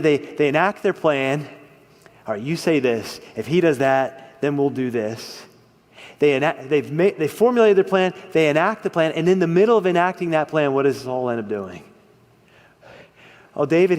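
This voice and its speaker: A man preaches in a high register, leaning hard into key words and then falling quiet. The sermon rings out with long reverb, as in a church hall. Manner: expressive, rises and drops in volume for emphasis.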